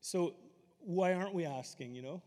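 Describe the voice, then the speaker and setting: A man's voice: sits high, moderate pace, dark tone. A man preaching a sermon in a loose, conversational way, telling stories with asides. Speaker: pastor. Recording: long hall reverb.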